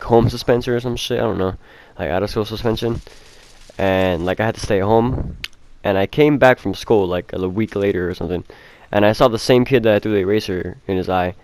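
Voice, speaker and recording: A man's voice: fairly low pitch, a little mellow. A young man telling a casual storytime, rambling with fillers and heavy swearing. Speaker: vlogger.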